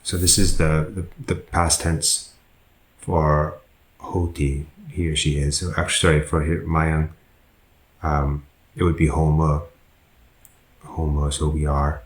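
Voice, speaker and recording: A monk teaching a Pāli grammar lesson, working through sentences slowly and methodically and pausing to correct himself. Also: male voice, very deep voice, level tone, roomy sound, rough recording.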